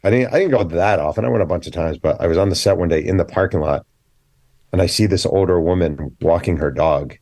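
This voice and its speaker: A man, an author guest on a podcast, telling animated stories, acting out quoted dialogue and speaking bluntly. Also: low-pitched, quick pace, dry recording. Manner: blunt, opinionated. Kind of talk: casual podcast interview.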